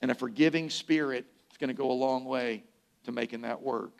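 An older man, a pastor, preaching a conversational sermon with humorous asides, sometimes dropping to a soft, slow emphasis on key phrases. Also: medium pitch, steady tone, creaky.

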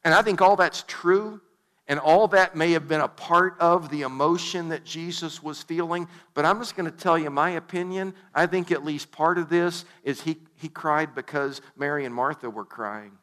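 A man's voice: a little high, normal speed, fairly bright tone. A male pastor preaching a sermon in a conversational way, reading scripture aloud and adding humorous asides.

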